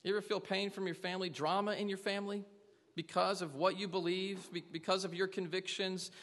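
A man's voice: high voice, little pitch movement, brisk, a bit bright, big-room sound. A man preaching a sermon to a congregation, earnestly asking them question after question. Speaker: pastor.

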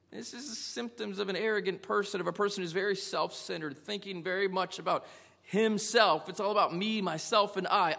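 A man's voice: high-pitched, fairly quick, vocal fry, sharp tone. A male pastor preaching a sermon, speaking emphatically and putting rhetorical questions to his congregation. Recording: long reverb of a large hall.

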